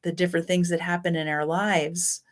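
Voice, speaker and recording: A woman's voice: fairly low pitch, flat delivery, normal speed. A woman teaching a self-help class on codependency in a loose, chatty way, often correcting herself. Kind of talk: spoken self-help lesson.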